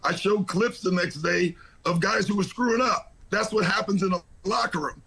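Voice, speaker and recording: A man's voice: high voice, moderate pace, creaky, bright, forceful tone, slightly rough, low-quality recording. A man who coaches basketball, answering in an interview clip in a conversational, amused way. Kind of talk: press interview.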